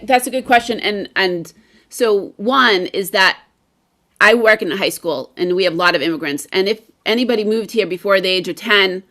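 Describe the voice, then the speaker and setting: A woman's voice: medium pitch, fairly bright tone. An American woman, a guest English teacher, chatting enthusiastically and repeating herself a little on a video call. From United States. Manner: enthusiastic, chatty, repeats words as she talks. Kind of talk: casual live-stream discussion.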